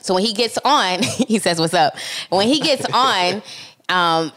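This is a woman in her thirties with a Philadelphia accent, chatting on a podcast. Her voice swings widely in pitch as she animates her stories. She swears freely and laughs often. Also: expressive, measured pace, fairly bright tone. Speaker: podcast co-host. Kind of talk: casual chat.

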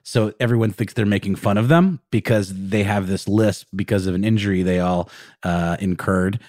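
Rambling man with a low dry voice. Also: moderate pace, darkish tone, no echo. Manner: rambling, many fillers and restarts. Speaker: podcast co-host. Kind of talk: casual storytelling chat.

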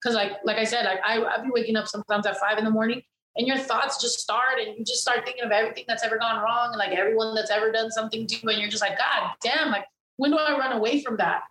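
A woman talking casually and frankly, swearing freely and rambling through her thoughts with plenty of "like"s. Her voice sits a little high. The room is echoey, with faint noise behind. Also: little pitch movement, racing, a bit bright. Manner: candid, profane, rambling with many fillers. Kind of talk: casual chat.

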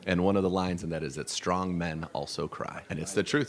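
A man's voice: low voice, steady tone, quick pace, hardly any pauses. A man hosting a sports radio show, asking long, enthusiastic questions.

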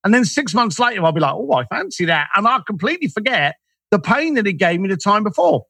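A man's voice: high-pitched, sing-song, fast, pushed and bright, husky, dry recording. A man, a guest in an interview, telling stories animatedly and acting out the dialogue he quotes. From Irish, raised in East London. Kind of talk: storytelling interview talk.

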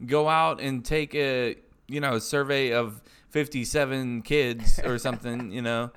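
A man's voice: medium pitch, fairly even intonation, unhurried, a bit bright, a little hiss or hum. A man co-hosting a podcast, defending himself in casual chat, rambling and cursing often. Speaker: podcast co-host.

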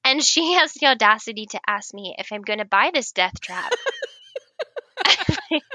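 Bright-voiced woman telling a story. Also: a little high, unhurried, dry recording. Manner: animated, laughs often, acts out quoted lines. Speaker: guest. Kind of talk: casual storytelling.

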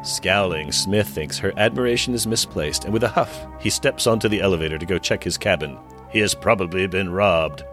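A man's voice: low-pitched, fairly quick, hardly any pauses, faint music behind. A man co-hosting a podcast, retelling an episode's plot with wry asides between the narration. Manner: storyteller pacing, wry asides. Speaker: podcast co-host recapping an episode. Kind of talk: casual recap narration and chat.

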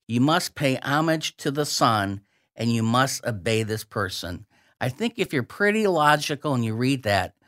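Man explaining scripture verses slowly. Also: mid-range voice, a bit bright. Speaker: radio guest. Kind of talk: explaining scripture on a radio talk show.

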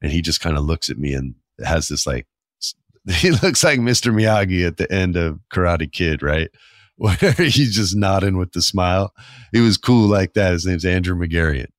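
A man with a very low, deep voice tells a story from his past in a loose, candid podcast manner, swearing freely. The sound is dry and close. He livens up sharply when he quotes people. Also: moderate pace, no room sound. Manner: candid, profane, animated when quoting. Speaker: podcast host. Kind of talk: casual storytelling.

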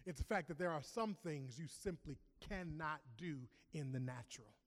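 A man preaching a sermon, emphatic, swinging from loud declarations to hushed asides. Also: fairly high pitch, moderate pace. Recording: long reverb of a large hall.

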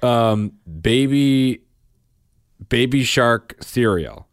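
A man's voice: medium pitch, very slow, clean tone, no room sound, clean studio sound. A man co-hosting a podcast, casual and teasing, counting down playful reveals. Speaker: podcast co-host. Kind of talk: casual chat.

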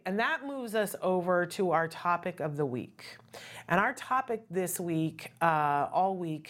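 Give me an earnest, conversational woman host with a lower voice. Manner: earnest, conversational, often asks "right?". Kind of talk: casual talk show monologue.

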